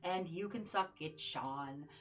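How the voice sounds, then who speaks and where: A woman's voice: low-pitched, slow pace, slight background noise. A woman streaming a game and chatting casually with her viewers, joking as she plays. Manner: chatty, joking asides to chat. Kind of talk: casual gameplay livestream chat.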